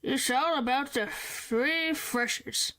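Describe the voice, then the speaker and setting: A woman voicing a drunk male soba cook who slurs his words in a high voice. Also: slow pace, noisy background. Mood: drunkenly stubborn. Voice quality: slurred, high-pitched. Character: slurring drunk man soba cook, stubborn. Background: game music.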